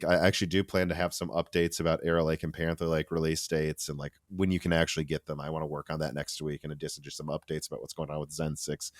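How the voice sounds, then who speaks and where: Low-voiced man hosting a tech podcast. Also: no echo, clean studio sound. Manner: animated, rambling with restarts and asides. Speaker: podcast host. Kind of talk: casual tech podcast chat.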